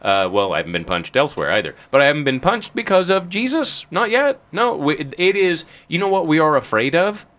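Guy hosting a faith talk show, lively swings in his voice, punchy and joking. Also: a little high, brisk, few pauses. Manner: emphatic, teasing, preacherly punchlines. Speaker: host. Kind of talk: conversational Christian talk show.

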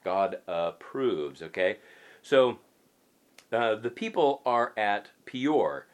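A male pastor delivers a conversational sermon, his pitch rising and falling in a lively, animated way. He is emphatic and folksy, circling back to repeat his points between casual asides. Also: slow.

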